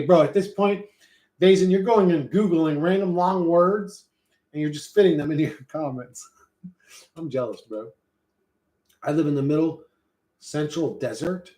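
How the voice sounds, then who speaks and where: A man's voice: on the high side, a little mellow, echoey room. A man with an American accent streaming casually, rambling and swearing while he reads chat. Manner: profane, rambling, loose and joking. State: hot and sweating.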